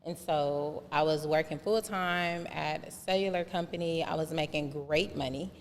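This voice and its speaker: A woman with a fairly low voice tells her life story on a podcast and acts out every quoted line. The room adds a long, hanging reverb, and faint ambient noise sits under her words. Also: normal speed. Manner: animated storyteller who acts out quoted dialogue. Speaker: podcast guest.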